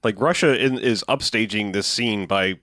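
A man's voice: lowish voice, normal speed, a bit bright, no echo, studio quality. A man in casual chat, joking about a bad movie, often laughing and putting on mocking voices. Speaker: podcast co-host.

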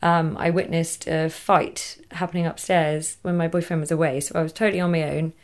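A young Englishwoman, appearing as a guest, chats casually about a hard period in her life, laughing often and letting thoughts trail off. Her voice is low and level, and she speaks briskly.

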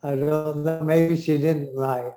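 An English man co-hosting a casual chat, rambling and enthusiastic, often leaving sentences unfinished. His voice sits a little high but sounds mellow and dark. The room around him is noticeably echoey. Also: level tone, slow. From England. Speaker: co-host.

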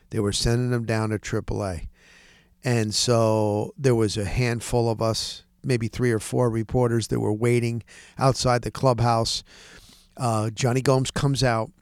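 A man hosting a podcast, telling sports-reporting stories in a casual, animated way and acting out the dialogue. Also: mid-range voice, clean tone, no echo, clean studio sound. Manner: animated, acts out quoted dialogue. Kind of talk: casual storytelling.

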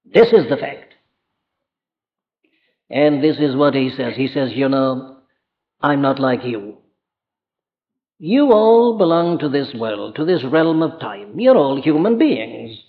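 A man's voice: medium pitch, animated, takes it slowly, pauses often, long reverb tail. A man with a Welsh accent preaching a sermon, earnest and emphatic, speaking directly to his listeners. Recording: dull lo-fi archive recording.

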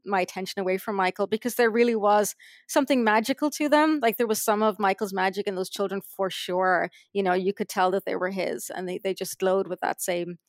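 A woman's voice: medium pitch, a little fast, no room sound, clean studio sound. A woman from Ireland, a memoir author telling stories in an interview in an effusive, earnest way. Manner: effusive, earnest, soft-spoken reminiscing. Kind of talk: interview storytelling.

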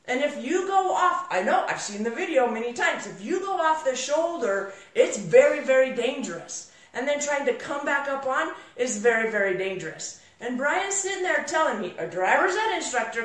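Brief Upbeat woman speaker, fairly high voice, animated storyteller, recorded in a roomy space off-mic. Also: moderate pace, few pauses. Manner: animated, exclamatory, with acted asides. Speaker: motivational speaker. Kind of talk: storytelling motivational talk. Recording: roomy sound from a distant mic.

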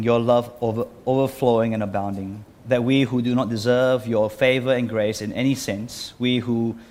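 A man's voice: mid-range voice, a little mellow. Earnest man preaching, then praying. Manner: earnest, pausing and restarting phrases. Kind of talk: sermon and closing prayer.

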